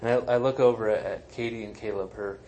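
A pastor gives a sermon in a somewhat low voice. He speaks in a conversational, emphatic way and tosses in self-deprecating asides. A faint hiss sits under the recording. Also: fairly even intonation, fast, dark tone, poor audio. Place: church sanctuary.

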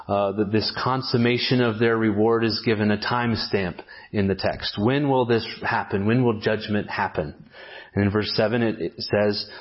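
A low-voiced man delivers a sermon, working through a text in a measured, explanatory way. He pauses on fillers and restarts his phrases as he thinks. The recording is dull and lo-fi. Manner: measured expository preaching with frequent fillers and restarts. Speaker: pastor.

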